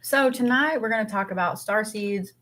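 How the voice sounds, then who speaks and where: A woman's voice: mid-range voice, normal speed, fairly bright tone, a little hiss or hum. A woman co-hosting a casual spiritual live stream, chatty and rambling with many fillers, tired and eating as she talks. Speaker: co-host.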